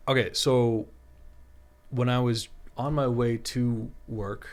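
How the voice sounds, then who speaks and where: A man's voice: mid-range voice, steady tone, slow pace. A man talking as a guest on a podcast, rambling with many fillers and frequent laughs. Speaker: guest artist. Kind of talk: casual podcast chat.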